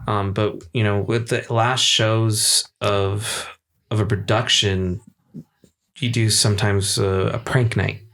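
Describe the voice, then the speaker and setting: A man's voice: lowish voice, fairly bright tone. A young man on a casual podcast, telling a long, rambling anecdote with fillers and laughs. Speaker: podcast co-host. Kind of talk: casual chat, storytelling.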